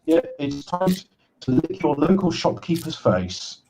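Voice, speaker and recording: A man hosts a casual livestream game show. He talks in halting bursts, full of restarts, and slips in deadpan sarcastic jokes. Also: fairly high pitch, gravelly, over music, poor audio.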